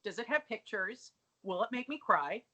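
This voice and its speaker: A woman co-hosting a podcast, animated and blunt in casual chat, swearing and quoting scenes in mocking voices. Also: mid-range voice, moderate pace, breathy edge. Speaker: podcast co-host. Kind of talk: casual chat recapping a TV episode.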